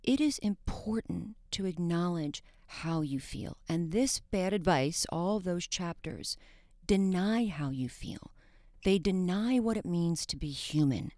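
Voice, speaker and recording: An animated woman talking as a guest on a talk show, her pitch swooping up and down as she explains. She restarts her sentences often and laughs easily. The sound is dry and close. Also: a little slow, no echo. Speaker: psychologist guest.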